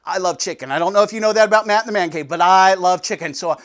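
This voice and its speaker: A man giving a devotional sermon, telling a story with sudden swings between loud and soft. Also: high-pitched, fast talker. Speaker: pastor.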